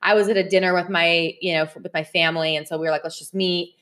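A woman's voice: fairly low pitch, fairly even intonation, quick pace, a bit bright. A woman hosting a podcast, chatting casually and telling stories straight to her listeners, often breaking into laughter. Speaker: podcast host. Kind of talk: casual chat.

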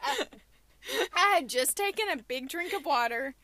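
A woman's voice: high voice, expressive, normal speed, pushed and bright, slight background noise. A young adult woman hosting a casual podcast, telling stories and ranting animatedly from a small closet booth. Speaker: podcast host.

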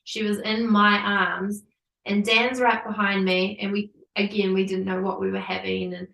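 A woman in her thirties, a podcast guest, tells a personal story in an animated way, laughing often and saying "like" a lot. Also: medium pitch, normal speed, vocal fry, echoey room, distant mic, poor audio. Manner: animated, laughing, many likes.

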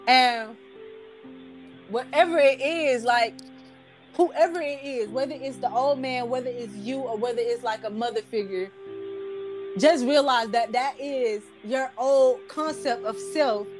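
High-voiced woman telling a casual story. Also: slow, soft background music. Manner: animated, slangy, repeats "like" and "I was like". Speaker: vlogger.

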